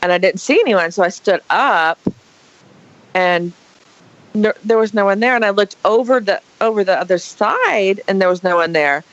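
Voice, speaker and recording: A woman guest on a podcast, telling a story casually with dramatic, animated flair and acted-out quotes. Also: medium pitch, moderate pace, dry recording. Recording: dull lo-fi podcast audio.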